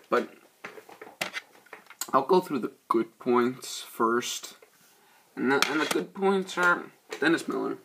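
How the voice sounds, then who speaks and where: A man's voice: mid-range voice, creaky, fairly bright tone, husky. A man giving a rambling, profane, laid-back spoken movie review. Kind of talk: casual spoken film review.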